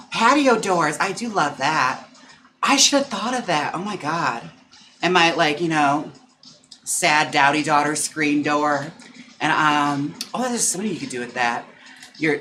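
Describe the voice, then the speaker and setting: Campy bright-voiced drag queen livestreaming. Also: fairly high pitch, a little hiss or hum. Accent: Wisconsin. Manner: campy, dramatic, quick gasps and sassy asides. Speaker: drag queen and wig stylist streaming live. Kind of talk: casual livestream chat. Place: home.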